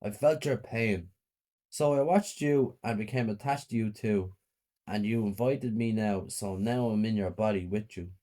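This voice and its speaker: A man voicing a male demon from hell, speaking slowly and evenly. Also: on the low side, warm tone, lightly acted. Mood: calm. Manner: slow, measured delivery.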